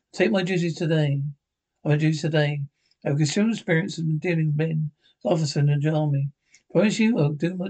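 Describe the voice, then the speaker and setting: A man's voice: fairly high pitch, darkish tone. A man reading the part of a stiff, formal army major who has just become a superintendent.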